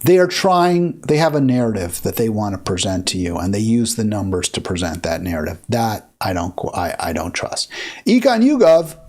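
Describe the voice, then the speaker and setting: A man's voice: lowish voice, sing-song, moderate pace, darkish tone. A man hosting his own political talk show, giving opinionated commentary on polls with many fillers and restarts.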